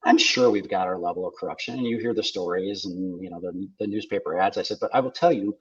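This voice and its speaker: Deep and slightly rough, this older man from South Dakota talks quickly as a podcast guest. His casual storytelling is full of wry anecdotes and back-and-forth quotes, recorded in dull lo-fi sound.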